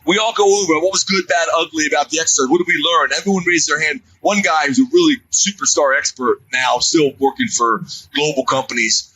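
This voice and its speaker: A man's voice: high-pitched, husky, no echo, rough recording. A man in his fifties, a security expert guest, telling stories in a casual interview and acting out the voices of people in them. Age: 50s. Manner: animated storyteller who acts out quoted voices.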